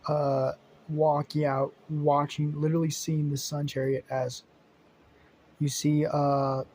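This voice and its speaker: A man's voice: on the high side, level tone, slow pace, a little mellow. A young man narrating an improvised fan story, rambling with many fillers and casual swearing.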